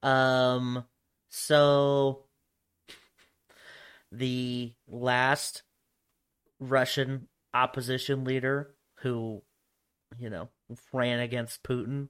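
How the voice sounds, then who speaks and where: A young man chats loosely on a podcast, swearing freely and laughing between his rambling thoughts. His voice sits at an ordinary middle pitch. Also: level tone, very slow, pauses often, a bit bright, clean tone. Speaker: podcast co-host. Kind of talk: casual chat.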